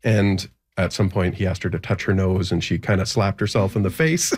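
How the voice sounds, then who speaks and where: Young man, low voice, halting storyteller, nervous laughs. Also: fairly even intonation. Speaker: guest telling a personal story. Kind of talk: interview storytelling.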